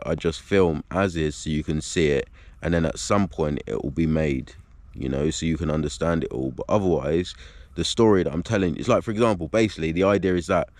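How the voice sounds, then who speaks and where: A man with a low, heavy voice talks straight to his camera in a loose vlog monologue. He rambles and swears, looping back with "like" and "do you know what I mean". The recording sounds dry and close. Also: darkish tone, no room sound. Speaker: video blogger.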